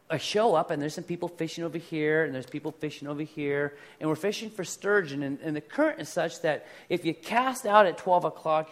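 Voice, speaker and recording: A pastor telling personal stories in a conversational sermon, swinging between loud bursts and quiet asides. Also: male voice, a little high.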